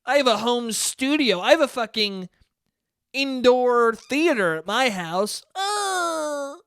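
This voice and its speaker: Brief: man mocking a high, snooty rich friend who brags in a drawl; dry close sound. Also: animated, takes it slowly, a bit bright, clean tone, no room sound, full character voice. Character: boastful snobby rich friend, bragging, nasal whine.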